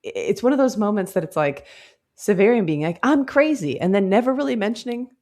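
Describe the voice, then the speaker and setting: Expressive woman in casual book chat. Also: mid-range voice, fast talker. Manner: expressive, quotes characters in playful voices. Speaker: podcast co-host.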